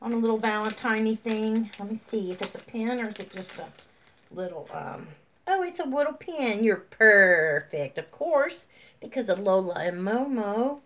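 A woman chatting casually as she shows off craft mail, gushing and drawn-out, sleepy and yawning. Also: on the high side, animated, fairly bright tone, a little hiss or hum. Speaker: craft vlogger. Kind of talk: casual show-and-tell chat.

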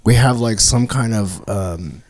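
A man from Canada, a guest comedian, telling animated stories in a casual chat, laughing often and mimicking voices. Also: lowish voice, measured pace.

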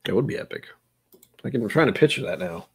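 A man's voice: medium pitch, lively intonation, fast, vocal fry, slightly rough. An American man in his forties hosting a casual livestream chat, rambling and joking with frequent chuckles. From United States. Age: 40s. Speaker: livestream host.

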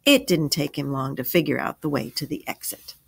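A woman teacher reading a story aloud, then asking and answering review questions in a clear, measured way. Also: deep voice, big pitch swings.

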